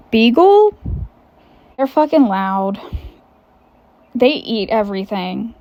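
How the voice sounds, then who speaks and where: A young woman, hosting a casual chat podcast, candid and quick with asides, swearing freely. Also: medium pitch, darkish tone. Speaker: podcast host.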